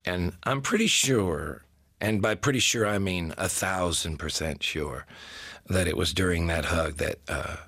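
A man's voice: deep voice, a little slow, a bit bright, no room sound. A man telling a comic story in a dry, wry, self-deprecating way.

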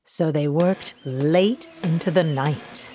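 A woman reading a children's picture book aloud with a co-reader, animated and playful. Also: deep voice, slow pace, soft background music. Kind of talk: children's storybook read-aloud.

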